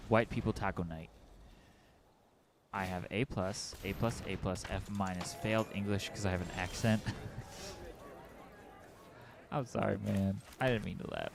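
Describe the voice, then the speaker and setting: A man's voice: on the low side, animated, normal speed, creaky, pauses often, background noise. A man streaming a card game, chatting casually with his viewers and muttering through his plays. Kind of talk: casual commentary while playing a card game.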